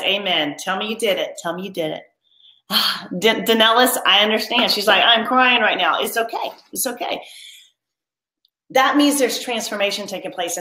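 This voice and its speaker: This woman's mid-range voice is bright and forceful, though the audio is poor and reverberant. She runs a live-streamed coaching workshop for mothers, reading out comments from viewers and guiding them through a spoken pledge.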